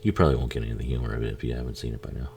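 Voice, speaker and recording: A man's voice: rumbling low, fairly even intonation, rapid-fire, a little mellow, slight background noise. A man casually talking over a movie he is watching, swearing a lot, laughing often and joking at the screen. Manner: profane, laughing, jokey, talks back to the screen. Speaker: film commentary host.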